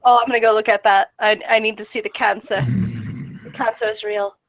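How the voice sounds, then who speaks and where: A woman's voice: medium pitch, flat delivery, brisk. A woman co-hosting a casual online stream chat, giggly and teasing. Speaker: stream co-host.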